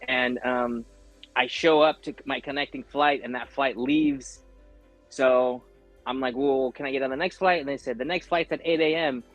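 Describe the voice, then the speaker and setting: A man's voice: mid-range voice, moderate pace, no echo, muffled recording, soft background music. A man, an actor guest, telling a story in a casual interview, acting out other people's lines with lots of fillers. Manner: animated, acts out quoted voices, frequent fillers.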